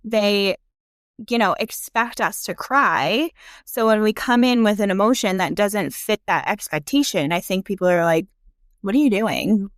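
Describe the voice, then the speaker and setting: A woman's voice: medium pitch, normal speed, no room sound, studio quality. A young adult woman, a podcast guest, talking frankly about grief and laughing easily. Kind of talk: casual conversation about grief.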